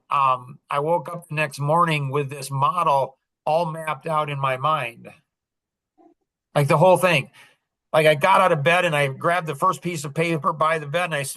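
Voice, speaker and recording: A man's voice: on the high side, pushed and bright, no room sound. A man hosting a podcast, telling stories casually and acting out the quoted dialogue with lots of animation. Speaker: podcast host. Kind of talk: casual storytelling chat.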